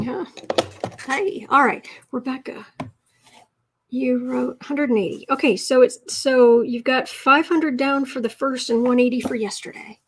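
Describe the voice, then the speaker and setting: A woman hosting a casual writing livestream, chatty and thinking out loud as she teaches and reads chat messages. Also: high voice, measured pace, slightly rough.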